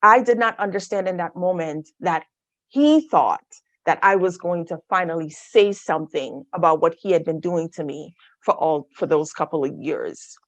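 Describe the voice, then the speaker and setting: Low-voiced woman telling her own story. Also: moderate pace, dry recording. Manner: candid storytelling with asides to the audience. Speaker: guest speaker. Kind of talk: personal testimony talk. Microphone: video call.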